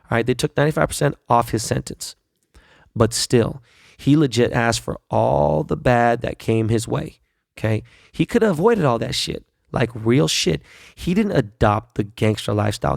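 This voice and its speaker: Middle-aged dude ranting on his podcast, swears nonstop, gravelly voice, dry close sound. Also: medium pitch, darkish tone, no echo. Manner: profane, blunt, heated ranting. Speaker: podcast host. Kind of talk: ranting solo podcast monologue.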